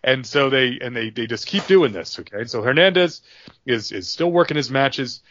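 A man's voice: mid-range voice, lively intonation, moderate pace, fairly bright tone, lo-fi sound, slight background noise. A man hosting a podcast, spinning a story in rambling, filler-heavy casual chat. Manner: rambling, with many fillers and restarts. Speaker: podcast host.

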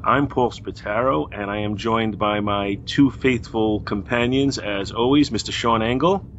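A man's voice: lowish voice, unhurried, fairly bright tone. A man hosting a podcast in casual chat, laughing often as he talks. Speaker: podcast host. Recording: dull lo-fi audio with faint hiss.

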